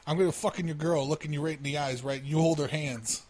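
A man's voice: fairly high pitch, fairly even intonation, fast talker, darkish tone. A man making a prank phone call, taunting and crude. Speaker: prank caller.

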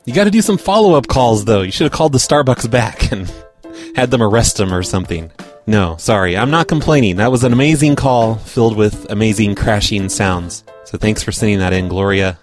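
A man with a lowish voice hosts a podcast in loose, casual chat. He rambles along in a relaxed, amused way. Faint music sits under his voice. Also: fairly quick. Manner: laid-back, amused, rambling. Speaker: podcast host.

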